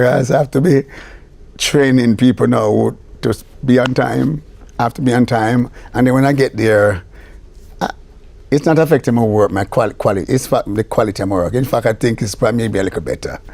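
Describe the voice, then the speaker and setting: Older Jamaican man, animated anecdotal talker, medium pitch, easygoing interview guest. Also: a little fast, creaky. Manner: animated storyteller who acts out quoted voices, laughing often. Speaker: reggae producer, interview guest. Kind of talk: casual storytelling interview.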